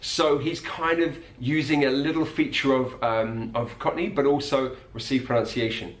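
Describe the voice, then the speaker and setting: Male accent coach, patient and clear, mid-pitched, roomy recording. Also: steady tone. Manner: clear, patient, demonstrates sounds slowly. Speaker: accent teacher. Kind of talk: explanatory video lesson. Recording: echoey room.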